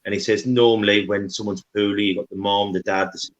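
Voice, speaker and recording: A man's voice: fairly low pitch, flat delivery, fast talker, dull audio. A man co-hosting a podcast, ranting and telling stories animatedly in casual chat. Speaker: podcast co-host.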